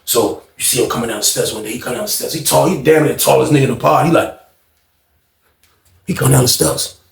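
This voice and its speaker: A man casually retelling a jail story with slangy, profane, animated talk. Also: medium pitch, quick pace, gravelly. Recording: echoey room.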